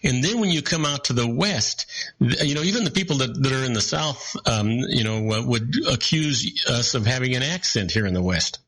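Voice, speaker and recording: California guy hosting a radio talk show, mid pitch, tells stories and laughs a lot. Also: normal speed, poor audio. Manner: storytelling, animated, laughs often.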